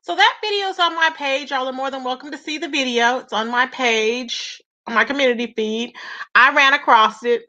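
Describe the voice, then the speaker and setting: A chatty woman, her voice high and bright, who talks straight to her viewers in a loose gossip vlog. She loops back over her points and keeps calling them "child" and "y'all". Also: moderate pace, dull audio. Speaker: YouTube commentator.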